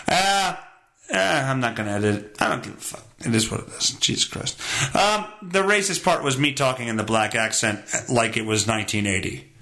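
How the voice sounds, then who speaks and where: A man's voice: medium pitch, gravelly, sharp tone. A young man hosting his own podcast, rambling casually in a profane, self-mocking way. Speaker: podcast host. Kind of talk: casual solo podcast monologue.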